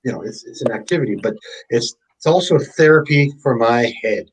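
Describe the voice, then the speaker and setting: A man's voice: medium pitch, lively intonation, brisk, breathy edge, poor audio. A man speaking as a guest on a live stream chat, rambling and supportive, trailing off mid-thought. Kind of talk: casual chat.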